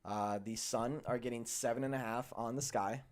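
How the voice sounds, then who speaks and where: In casual talk on his sports betting show, a young man speaking at normal pace delivers colorful, profane storytelling that moves between heated outbursts and subdued grumbling.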